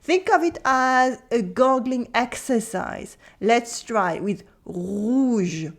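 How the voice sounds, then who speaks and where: French woman demonstrating pronunciation slowly. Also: fairly high pitch. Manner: clear, deliberate, repeating model words slowly. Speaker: French teacher. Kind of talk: online language lesson.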